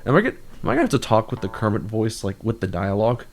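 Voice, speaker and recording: Talking rapid-fire in a lowish, very animated voice, a young man gives casual commentary while streaming a game. He rambles, laughs and mocks himself through an auto-tuned desk mic, and there's a little hiss or hum on the recording.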